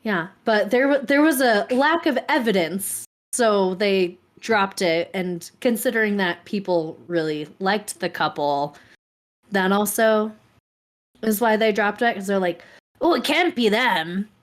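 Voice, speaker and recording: A woman podcast host tells a story at an unhurried, slow pace. Her delivery is dry and casual, in a middle-pitched voice. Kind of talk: casual chat.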